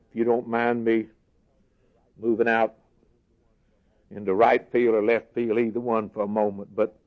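Preacher guy, earnest sermon, goes hushed then loud, muffled old-tape sound. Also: mid-range voice. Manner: earnest, swings from soft and hushed to raised emphasis. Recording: dull lo-fi sermon recording.

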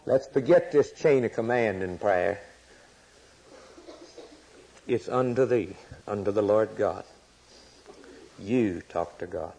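Male preacher, impassioned sermon delivery, slow with a husky edge. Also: on the low side, expressive, poor audio. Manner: impassioned, rising to sudden loud peaks.

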